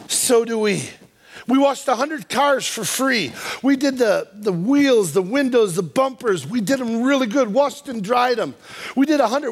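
A man with a strikingly high voice tells a funny story from the pulpit of a church, putting on the voices of the people in it. Toward the end he turns earnest and hushed as he speaks to the congregation as a visiting youth speaker. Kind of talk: humorous storytelling sermon.

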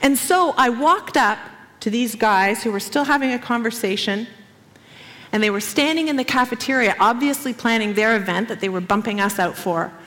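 A woman preaching to an audience in an animated, expressive storytelling style, acting out quotes. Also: fairly high pitch, big-room sound. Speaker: speaker, former missionary. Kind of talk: sermon storytelling.

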